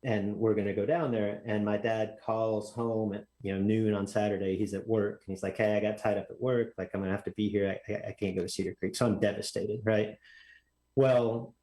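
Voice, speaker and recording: A man telling a story as a podcast guest, animated and acting out other people's lines in a raised voice. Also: lowish voice, fairly quick, rough recording. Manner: animated, acts out quotes in raised voice. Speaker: guest drag racer. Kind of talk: casual storytelling.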